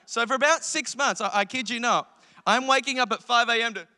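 A man in his thirties preaching a sermon as pastor, telling joking family stories with lively impressions. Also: very high voice, fairly quick, big-room sound. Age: 30s. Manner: energetic, joking storytelling with animated impressions.

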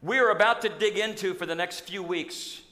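High-pitched pastor preaching, acts out scenes, church with long reverb. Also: male voice, normal speed. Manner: storytelling, animated, acts out scenes. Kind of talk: sermon. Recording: echoey church hall.

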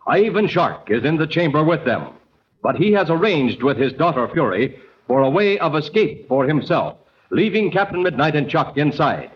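Lively 1940s radio announcer, man. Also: on the high side, moderate pace. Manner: chummy, enthusiastic address to young listeners. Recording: dull, faintly hissy old radio recording.

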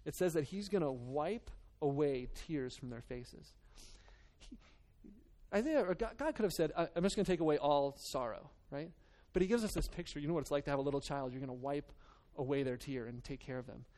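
A man's voice: on the high side, fairly quick, darkish tone. A man preaching a sermon to his church, reading scripture, then talking in a loose, earnest way with many restarts and fillers. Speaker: pastor.

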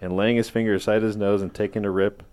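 A man on a podcast reading a holiday parody poem aloud, hesitant at times and quick to put himself down. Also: on the low side, flat delivery, a little mellow, clear, resonant tone. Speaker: podcast co-host.

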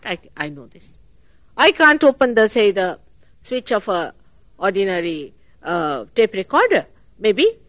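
A woman giving a spiritual talk at a public program, animated and full of rhetorical questions. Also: mid-range voice, dry recording. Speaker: spiritual teacher.

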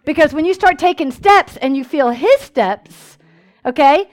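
A woman preaching a sermon in a church, telling stories with lively call-and-response asides. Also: high voice, measured pace.

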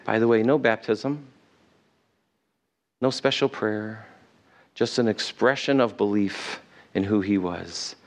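A man's voice: lowish voice, slow pace, pauses often. A man preaching a sermon to his church in a conversational way, asking his listeners questions. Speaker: pastor.

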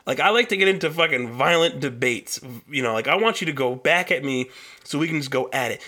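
Young guy ranting on his podcast, cusses a lot, sharp bright voice. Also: fairly high pitch, lively intonation, a little fast. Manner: profane, heated ranting. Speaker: podcast host. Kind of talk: solo podcast rant.

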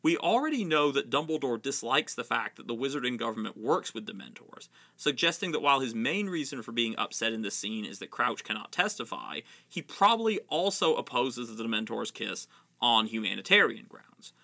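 A man's voice: mid-range voice, big pitch swings, brisk, sharp tone. A man narrating an analytical video essay about a fantasy book series. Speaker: literary analyst.

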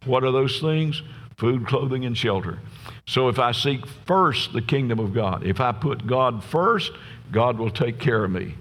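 A man's voice: medium pitch, unhurried, a bit bright. A middle-aged man preaching a sermon as pastor, folksy and storytelling, often asking his listeners "Amen?". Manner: folksy, tells jokes, asks the crowd "Amen?". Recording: long reverb from a large church hall.

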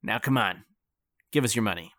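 A man voicing a scrawny, desperate male mugger who talks gruffly and threateningly in a storybook reading. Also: lowish voice, a little fast, a bit bright.

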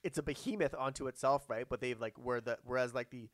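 A man's voice: mid-range voice, quick pace, no echo, studio quality. Rambling man, full of fillers. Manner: rambling, many "like" fillers and restarts. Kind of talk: casual chat about movies.

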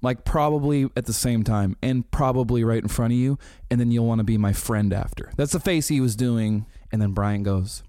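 A man in his thirties chatting casually, telling animated stories full of swearing, laughs and quoted impressions. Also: mid-range voice, normal speed, hardly any pauses, no room sound, clean studio sound. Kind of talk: casual chat.

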